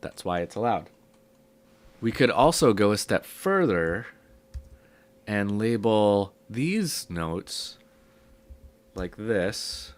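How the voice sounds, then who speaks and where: A man teaching music theory in a relaxed, step-by-step way, his voice low and rough from a cold, with many ums. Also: slow pace, pauses often. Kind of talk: casual spoken lesson.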